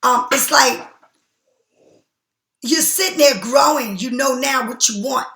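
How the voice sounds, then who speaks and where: A woman's voice: high-pitched, slow, gravelly, pushed and bright, echoey room. A woman giving a casual tarot reading straight to the viewer, repeating herself for emphasis as she offers spiritual encouragement. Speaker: tarot card reader.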